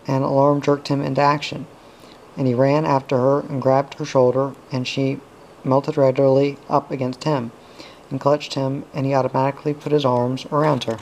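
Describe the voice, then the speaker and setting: A man reading a novel aloud in a steady, understated way. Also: mid-range voice, moderate pace, slight background noise, rough recording. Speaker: audiobook reader.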